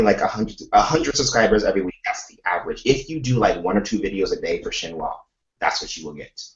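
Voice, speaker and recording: A man chatting casually on a video call about making reaction videos, excitable and full of "like". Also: on the low side. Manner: animated storytelling, excitable, lots of "like". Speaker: K-pop reaction YouTuber, live chat host. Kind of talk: casual chat. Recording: echoey, distant, lo-fi call audio.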